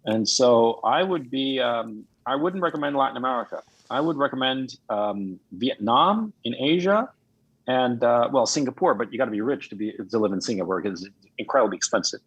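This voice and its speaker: A man from Chile, a guest coach on a video call, speaking in a measured way with frequent fillers and restarts. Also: medium pitch, expressive, breathy edge, no echo, dull audio. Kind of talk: casual chat.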